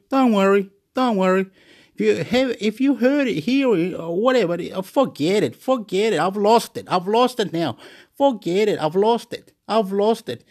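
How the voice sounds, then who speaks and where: A man from Chile, rambling in a monologue, swinging between loud excited boasting and quiet muttering and repeating words over and over. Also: high voice.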